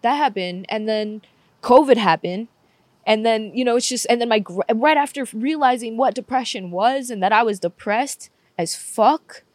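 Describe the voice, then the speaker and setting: A woman's voice: fairly high pitch, dry recording. A young woman telling a painful personal story with candor and frequent swearing, close to tears at times. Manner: candid, swears often, says "like" a lot. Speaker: podcast guest.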